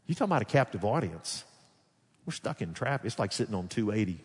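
Southern alabama preacher guy, storytelling sermon, loud then hushed, long hall reverb. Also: fairly low pitch, very animated, quick pace, slightly rough. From Alabama, USA. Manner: conversational storytelling, swings between loud and hushed. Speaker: pastor. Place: large church sanctuary.

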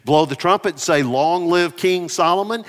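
An aging king gives firm, emphatic royal orders, as a preacher voices him. The voice sits a little high and loud, and it echoes through a church hall. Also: expressive, moderate pace. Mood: commanding. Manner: commanding, emphatic.

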